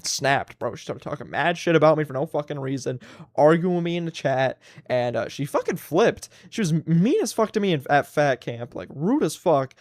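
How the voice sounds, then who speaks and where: Profane ranting young man, very lively pitch. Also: moderate pace, dry recording, studio quality. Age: 20s. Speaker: livestream host. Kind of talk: casual solo livestream rant.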